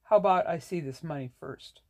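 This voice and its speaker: A reader voicing a rude, sneering middle-aged woman who runs an inn, raised in pitch. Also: fairly quick, darkish tone, natural voice. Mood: curt. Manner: curt, scornful.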